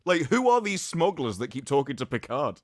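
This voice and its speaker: A man's voice: mid-range voice, big pitch swings, a little fast, dry recording, clean studio sound. A British man co-hosting a casual chat, making wry joking asides. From Britain. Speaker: co-host.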